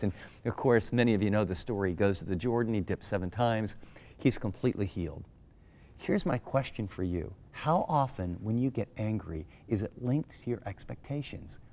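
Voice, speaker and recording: Earnest American pastor teaching scripture. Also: male voice, on the low side, moderate pace. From United States. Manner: earnest, animated, explains with questions. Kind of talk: conversational Bible teaching.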